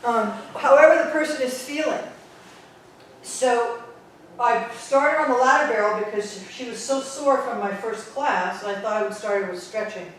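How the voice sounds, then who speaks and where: Bronx-accented woman Pilates teacher, sarcastic and no-nonsense, heard from a way off in a booming, echoey studio. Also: moderate pace, a little hiss or hum. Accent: New York (Bronx). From the Bronx, New York. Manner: blunt, sarcastic. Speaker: Pilates instructor. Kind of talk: teaching talk to instructors. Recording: very echoey room, distant mic.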